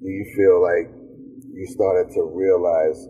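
A man's voice: deep voice, level tone, unhurried, mellow, faint music behind. A man hosting an interview, asking long, rambling questions with many fillers. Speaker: interview host. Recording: dull lo-fi audio with faint noise.

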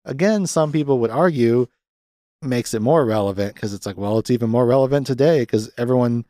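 With a dark tone in a mid-range voice, a young man hosting a podcast recaps a film in a rambling, profane, sardonic style. He slips into quick raised voices to imitate the characters, and the recording is dry and studio quality.

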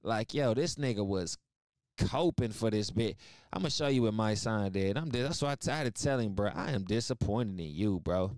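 A man's voice: lowish voice, expressive, brisk, darkish tone, smooth, no room sound, clean studio sound. A man giving casual reaction commentary as a podcast host, blunt and profane, talking animatedly with lots of asides.

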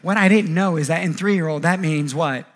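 A man in his thirties preaching a sermon, animated, acting out quoted voices and often repeating words as he goes. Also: a little high, normal speed. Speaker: pastor.

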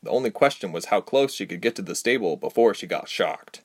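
Male audiobook narrator, low voice with a lively, varied delivery. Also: a little fast, breathy edge.

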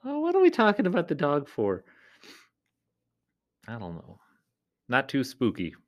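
A man who works as a clown entertainer, chatting casually and playfully in a rambling vlog, often jumping into high silly tones. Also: huge pitch swings, normal speed, a little mellow.

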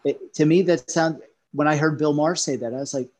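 Husky-voiced man telling animated stories. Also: fairly high pitch, fairly quick. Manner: animated storyteller who jumps between topics. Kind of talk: casual podcast conversation.

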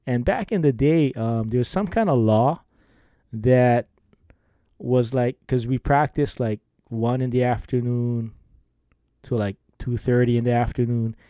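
A podcast host with a medium-pitched voice tells rambling, casual stories at a measured pace, laughing often. He's animated and acts out the lines people said. There's no room sound.

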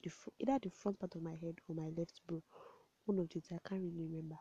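Chatty young woman with a gravelly voice. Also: fairly low pitch, fairly even intonation, fast, no room sound. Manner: chatty, rambling, laughs often, drops to soft asides. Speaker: vlogger. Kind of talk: casual storytelling to camera. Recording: dull, lo-fi home recording.

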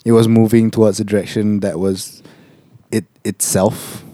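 A young man with a Malaysian English accent, co-hosting a podcast in relaxed, rambling casual chat that slips into Malay words. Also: on the low side, normal speed. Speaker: podcast co-host.

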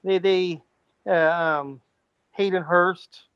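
Deadpan, halting man on a lo-fi podcast. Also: high voice, clean tone, no echo. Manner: halting, many restarts, dry deadpan mockery. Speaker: guest co-host, comedian. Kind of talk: casual sports chat. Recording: dull lo-fi sound, dry.

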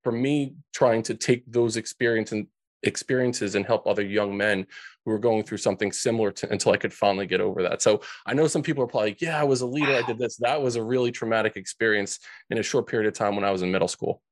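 A man's voice: fairly low pitch, fast talker, no echo. A man in a podcast interview, telling a painful childhood story in an earnest way, often restarting his sentences. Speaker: podcast guest. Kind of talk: emotional storytelling.

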